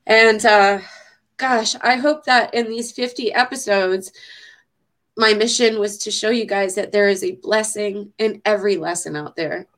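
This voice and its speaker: A woman hosting a faith show, praying fervently and speaking warmly to viewers, given to repeating phrases and getting emotional. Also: mid-range voice, steady tone, a little slow. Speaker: show host. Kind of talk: heartfelt prayer and chat to viewers.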